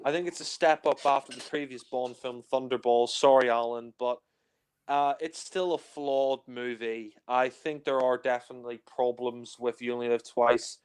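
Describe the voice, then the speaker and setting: Chatty young man, smooth voice. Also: medium pitch, steady tone, normal speed. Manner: chatty, many fillers, acts out scenes in silly voices. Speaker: film reviewer. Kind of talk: casual film discussion.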